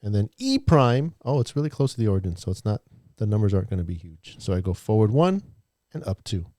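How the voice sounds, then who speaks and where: A man's voice: lowish voice, big pitch swings, fast, dark tone, dry recording. Chatty male math teacher, dry sound. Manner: chatty, walking students through steps aloud. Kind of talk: online class lesson.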